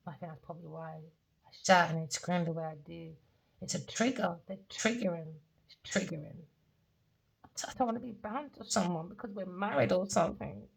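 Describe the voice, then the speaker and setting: Gravelly British woman reading tarot. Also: lowish voice, moderate pace, low-quality recording. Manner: blunt, raw and confessional, swears freely. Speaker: tarot reader. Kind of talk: unscripted tarot reading vlog.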